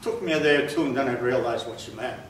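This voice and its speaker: An older man giving a slow, deliberate spoken testimony to an audience, his voice sinking low and quiet at grave moments. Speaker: Holocaust survivor speaker. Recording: echoey hall recorded from far off, faint noise.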